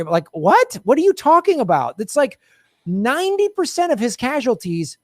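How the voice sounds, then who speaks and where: A man's voice: very high voice, huge pitch swings, normal speed, darkish tone, no echo. Heated, sarcastic man with a dry sound. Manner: heated, sarcastic, swears freely. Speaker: political commentary host. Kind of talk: casual political commentary.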